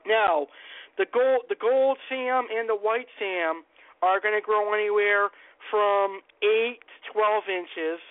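A man with a high voice hosts a call-in show on his own, enthusiastic and plain-spoken, and he repeats himself a lot. The sound is thin and phone-like, and there is no room echo at all. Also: slow pace. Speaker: host of a call-in fish-keeping show. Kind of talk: solo radio-style monologue. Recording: tinny phone-line sound.

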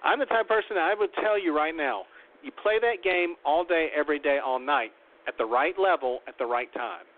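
A man's voice: fairly high pitch, fairly quick. A man giving blunt, opinionated casual commentary as a host recapping a reality show. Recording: tinny phone-line audio.

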